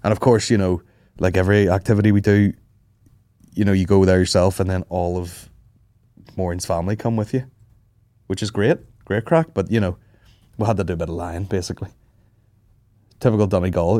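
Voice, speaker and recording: A man with a lowish voice rambles through sweary, animated anecdotes in casual podcast banter. The sound is dry and close to the mic, with no room around it. He talks loosely, piling up asides. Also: brisk, pauses often, dry recording. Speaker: podcast co-host.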